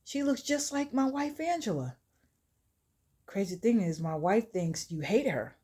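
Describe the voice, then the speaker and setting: A woman's voice: medium pitch, sing-song, a little slow, mellow, slightly rough. A woman voicing a husband who speaks earnestly and firmly to his grieving wife. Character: shaken husband, man protecting his wife.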